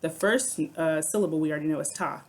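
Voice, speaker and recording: A woman's voice: sits low, fast, a little hiss or hum. A woman music teacher explaining rhythm syllables in a recorded lesson, patient and step by step, checking in with "okay".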